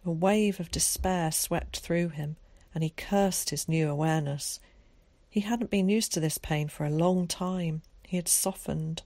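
A woman narrating an audiobook in a steady, measured storytelling voice. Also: on the low side, no room sound. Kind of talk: scripted narration.

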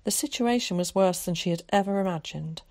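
A woman narrating an audiobook in a steady, measured storytelling voice. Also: fairly low pitch, no room sound. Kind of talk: scripted narration.

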